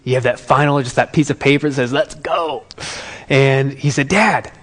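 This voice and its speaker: A man telling a story to an audience as a motivational speaker, in an animated, conversational way. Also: mid-range voice, quick pace. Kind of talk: storytelling talk.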